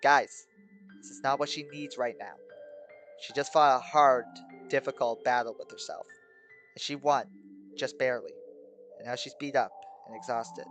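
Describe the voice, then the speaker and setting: A man voicing a calm teenage boy protagonist who speaks gently and steadily, reassuring a friend. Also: medium pitch, normal speed, long pauses, soft background music, close to an everyday voice. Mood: firm, caring.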